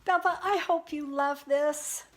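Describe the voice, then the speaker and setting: An older woman with a notably high voice hosts her painting live stream. She chats casually and warmly with viewers, greets them by name and laughs easily as she works. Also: steady tone, a little slow. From Pacific Northwest US.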